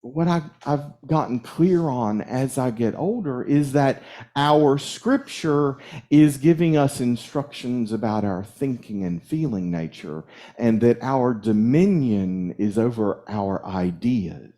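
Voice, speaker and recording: A male minister preaching in a church, speaking in a relaxed, mellow voice. He tells his stories conversationally and lets small chuckles slip in as he talks. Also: mid-range voice, slow. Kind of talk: storytelling sermon. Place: church sanctuary.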